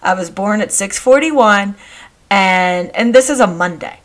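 A middle-aged woman hosting a podcast, telling family stories in a chatty, meandering way with frequent pauses and restarts. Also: medium pitch. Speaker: podcast host. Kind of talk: casual storytelling monologue.

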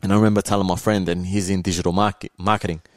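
A man's voice: low-pitched, level tone, racing, no echo, clean studio sound. A young Australian man talking casually as a podcast guest, laid-back and slangy, often acting out what people said to him. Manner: laid-back, slangy, acts out quoted dialogue. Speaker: podcast guest, content creator.

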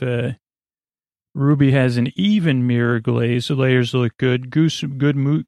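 A man hosting a sleep podcast who recaps at a slow, rambling pace, halting with many fillers and self-corrections. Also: mid-range voice, vocal fry, darkish tone, no room sound, clean studio sound. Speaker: podcast host.

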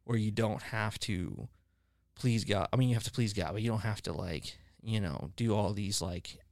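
A man with a fairly low voice hosts a casual podcast conversation about faith. He tells long, rambling stories full of fillers and restarts. The sound is dry and close. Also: moderate pace, vocal fry, darkish tone, no room sound. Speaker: podcast host.

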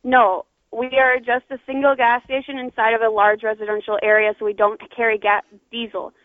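A woman's voice: a little high, little pitch movement, fairly quick, no echo. A woman working as a gas station clerk, answering a call in a patient, plain and slightly hesitant way. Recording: dry phone line.

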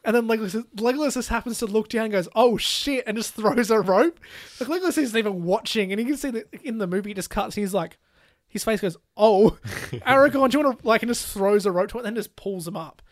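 A lively podcast co-host in easy film talk, stringing thoughts together with "like" and jumping into quoted lines from scenes. The voice is close and dry, with no room sound. The pitch stays at an ordinary middle level. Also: fast talker, no room sound. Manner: animated, full of "like" fillers, laughs while retelling scenes. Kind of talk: casual film discussion.

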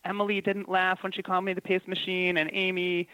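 A man's voice: high voice, completely flat delivery, fairly quick, pushed and bright, clear, resonant tone, no room sound, poor audio. A man telling self-deprecating stories in a casual comedic conversation, often laughing. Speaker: podcast guest, TV writer.

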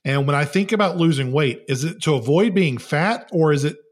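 A man's voice: fairly high pitch, animated, fairly quick. A man in his thirties co-hosting a casual faith podcast, conversational and joking. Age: 30s. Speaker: podcast co-host.

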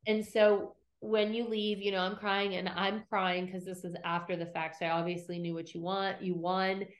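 A middle-aged woman hosts a casual podcast and speaks into a podcast mic. She recaps old scenes with lively storytelling, acts out each quote, and swears freely. Her voice sits at an ordinary, mid-range pitch. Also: normal speed. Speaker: podcast host recapping episodes.

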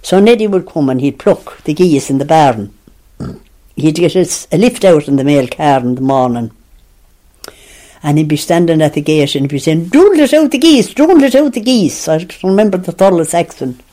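An older woman with an Irish accent who tells childhood stories in a lively, animated way, laughing and acting out the voices of people she quotes. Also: deep voice, moderate pace. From Tipperary, Ireland. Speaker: interviewee. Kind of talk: lively storytelling reminiscence.

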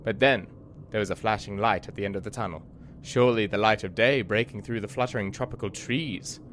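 A man's voice: fairly low pitch, a little fast, fairly bright tone, slight background noise. A man hosting a show and narrating his own comic adventure in mock-archaic, theatrical turns with dry asides. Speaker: podcast host and storyteller.

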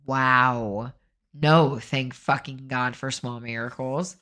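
A woman's voice: extremely low pitch, fairly even intonation, slow, fairly bright tone. A middle-aged woman talking casually with a nasal, stuffy voice after crying, blunt and wry. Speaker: podcast co-host. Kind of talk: casual couple's chat.

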